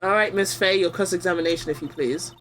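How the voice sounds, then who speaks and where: A woman voicing an older male judge in a game, speaking with a put-on British accent in a measured, formal way. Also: on the low side, background noise, lightly acted.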